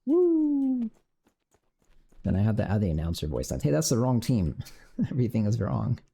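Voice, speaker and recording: A man's voice: fairly low pitch, big pitch swings, fast, creaky, dark tone, husky. A man streaming his game development, muttering to himself while coding and cursing when things break. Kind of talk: casual live-coding commentary.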